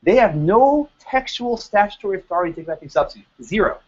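A man giving a lively, joking law lecture to a live audience, quizzing the room and laughing at his own jokes. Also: sits high, fast. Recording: dull lo-fi lecture recording.

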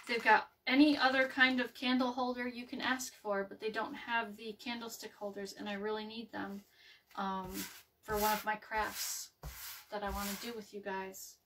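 A woman's voice: medium pitch, flat delivery, normal speed, a bit bright, recorded from a distance. A woman hosting a casual craft video, rambling and chatty with many ums and restarts as she works. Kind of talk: casual live craft chat. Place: home craft table, indoors.

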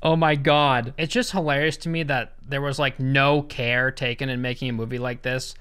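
A man giving a sarcastic comedic movie recap, laughing between remarks. His voice is bright and crisp, with a clean, resonant tone. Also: mid-range voice, steady tone, normal speed. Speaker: YouTube movie commentator.

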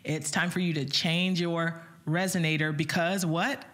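A woman's voice: fairly low pitch, fairly even intonation, a little slow, fairly bright tone. A woman vocal coach giving an upbeat online singing lesson, talking straight to her viewers and breaking into short sung vowel demos.

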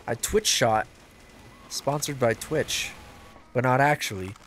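A man giving casual, excitable gameplay commentary as a video host, swearing and joking to himself. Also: medium pitch, takes it slowly, slight background noise. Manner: excitable, yells and swears at the game; jokey self-talk.

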